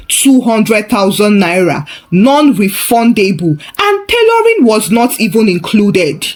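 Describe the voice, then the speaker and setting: A woman narrating a story, expressive and chatty with asides. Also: mid-range voice.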